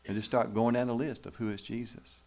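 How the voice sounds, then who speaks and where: A man's voice: mid-range voice, steady tone, fairly quick, darkish tone. A man preaching a sermon in church, folksy and emphatic, with rhetorical questions to the congregation. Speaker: pastor.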